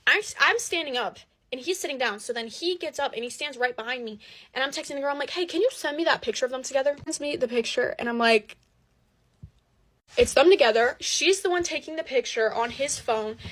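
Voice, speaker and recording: A teenage girl telling a dramatic personal story in a chatty, animated way, full of "like" fillers. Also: high-pitched. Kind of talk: casual storytime.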